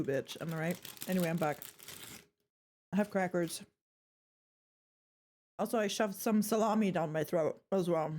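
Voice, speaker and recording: A woman's voice: on the low side, normal speed, pauses often, darkish tone. A young woman with an accent gives casual, playful live-stream commentary on a horror game. She swears a lot and scolds the characters on screen, talking from a room at home. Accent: non-native.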